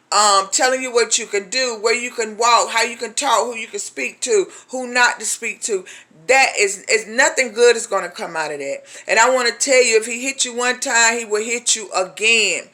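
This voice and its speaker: A woman's voice: a little high, sharp tone. A woman from a ministry giving personal testimony in an emphatic, colloquial way, addressing listeners as "honey" and acting out the voices of the people in her story.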